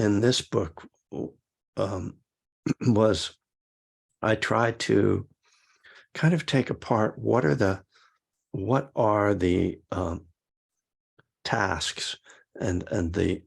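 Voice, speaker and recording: A man with a low, gravelly voice and a husky edge speaks to a meditation class. His teaching is loose and reflective, halting as he works his thoughts out aloud. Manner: halting and reflective, with frequent restarts. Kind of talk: casual dharma talk to a class.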